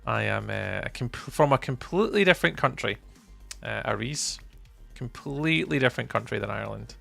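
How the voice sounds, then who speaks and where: A man with a mild Scottish accent and a very gravelly, creaky voice that is bright and forceful. He talks casually as a game streamer, replying to his viewers' chat messages, with faint music playing behind him. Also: mid-range voice, expressive, fairly quick. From Scotland.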